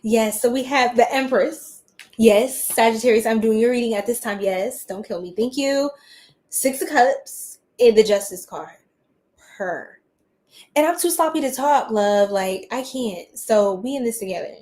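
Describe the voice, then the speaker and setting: A woman's voice: fairly high pitch, unhurried, a little mellow. Female tarot streamer, late at night; tired, scattered, giggly, chats with viewers nonstop. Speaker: tarot reader livestreaming.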